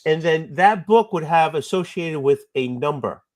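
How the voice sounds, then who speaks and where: A man's voice: fairly high pitch, lively intonation, darkish tone. Middle-aged man explaining patiently. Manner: patient explainer, halting restarts. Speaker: podcast host. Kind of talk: casual chat.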